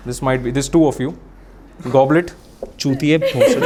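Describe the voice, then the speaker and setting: A man's voice: medium pitch, unhurried, pauses often, warm tone, a little hiss or hum. A young man with an Indian English accent, hosting a live magic act with playful, teasing, theatrical commands on stage before an audience. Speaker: comedian and magician host.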